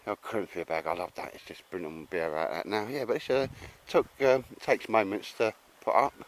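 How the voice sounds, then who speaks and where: At a campsite outdoors, an older vlogger rambles to camera in a friendly, matey way, laughing often, leaning on fillers, and addressing everyone as mate. His fairly low voice is expressive and his pace fairly quick.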